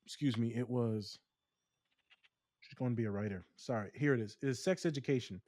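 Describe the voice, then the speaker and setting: A man co-hosting a podcast, talking casually and telling stories in long, animated rants. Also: medium pitch, fairly quick, no room sound. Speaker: podcast co-host.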